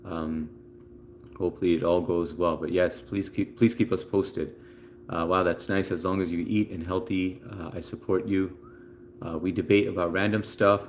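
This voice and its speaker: A man's voice: deep voice, a bit bright, a little hiss or hum. A man hosting a casual live stream from home, reading out viewer comments in a laid-back, chatty way with plenty of fillers.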